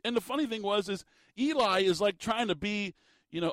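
Man, sports commentator, fairly high voice, dry close sound, exasperated rant full of emphatic rhetorical questions. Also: animated, a little fast, fairly bright tone, no echo.

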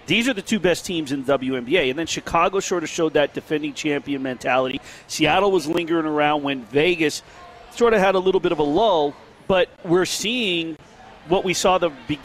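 A man co-hosting a casual sports talk show, telling stories in an animated way with quick restarts. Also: a little high, slight background noise. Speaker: sports radio co-host.

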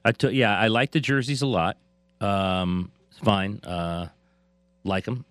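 A man's voice: on the low side, a little slow, fairly bright tone, smooth, no echo, faint music behind. A man co-hosting a casual sports chat, laughing often and trailing off mid-thought. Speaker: sports talk co-host.

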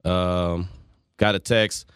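A man's voice: deep voice, fairly even intonation, drawn-out words, a bit bright, clean tone, dry recording, studio quality. A man hosting a sports talk radio show, chatting loosely and rambling between listener messages and calls. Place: radio studio. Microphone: studio microphone.

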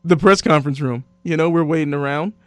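A man hosting a casual sports podcast, telling stories and quoting others in lively voices. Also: on the high side, fast, no room sound. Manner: animated storyteller, quotes others in voices. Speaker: sports radio host.

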